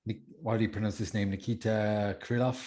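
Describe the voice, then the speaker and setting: Male podcast host, lowish voice, eager, cusses casually. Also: little pitch movement, fairly quick, a little mellow. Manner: enthusiastic, swears freely, leads the rundown. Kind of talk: casual chat.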